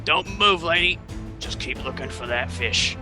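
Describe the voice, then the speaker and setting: A man's voice: on the high side, lively intonation, measured pace. A man voicing a gun-wielding male boat driver who gives curt, threatening orders. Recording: music playing clearly behind.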